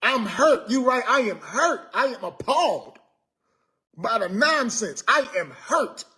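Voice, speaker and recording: A man's voice: extremely high pitch, sing-song, measured pace, sharp tone. A man ranting to his viewers on a live stream, exasperated and joking, repeating himself and tacking on "man". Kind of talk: casual live stream rant.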